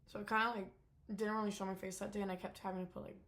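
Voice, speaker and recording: A woman's voice: mid-range voice, little pitch movement, rapid-fire, a bit bright. A young woman giving a casual, unscripted vlog update, talking candidly with lots of fillers and the odd swear word. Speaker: vlogger.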